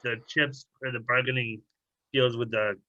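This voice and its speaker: A man's voice: medium pitch, steady tone, normal speed, bright, forceful tone. A man co-hosting a podcast, laid-back and mostly agreeing in casual chat. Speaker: podcast co-host. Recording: dull lo-fi audio.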